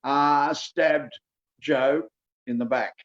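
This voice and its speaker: A man in his seventies with a Queensland Australian accent, answering interview questions in a folksy, emphatic way and repeating figures slowly for effect. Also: a little high, steady tone, highs cut off. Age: 70s. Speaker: politician guest.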